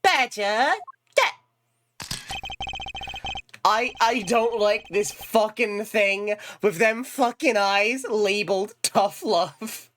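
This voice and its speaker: A woman's voice: medium pitch, slow pace, long pauses, a bit bright. A woman streaming a game live, commenting with frequent swearing and playful exasperation. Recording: game music playing underneath.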